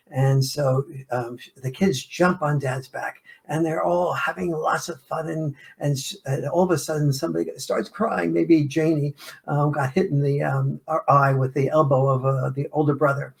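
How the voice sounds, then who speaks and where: A man's voice: fairly high pitch, fairly even intonation, normal speed, gravelly. A man, an author and interview guest, explaining his ideas and acting out family scenes as examples. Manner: explanatory, illustrates points with acted-out family scenes. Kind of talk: interview answers.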